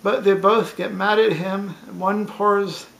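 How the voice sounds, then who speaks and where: A man's voice: high voice, fairly even intonation, slow pace, vocal fry, a bit bright, rough recording. A man reading a string of clean bar jokes in a plain storytelling way, with small stumbles and restarts. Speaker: joke teller.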